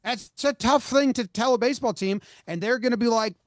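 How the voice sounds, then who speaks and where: A man's voice: extremely high pitch, brisk, no echo, clean studio sound. A man co-hosting a casual sports podcast, fired up and exasperated, swearing as he rants. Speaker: podcast co-host.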